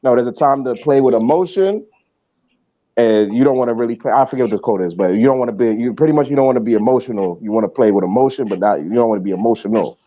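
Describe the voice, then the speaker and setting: A man and former coach chatting casually, telling animated stories and acting out other people's lines. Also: mid-range voice, fast talker, dull audio. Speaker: former coach, podcast co-host. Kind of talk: casual chat.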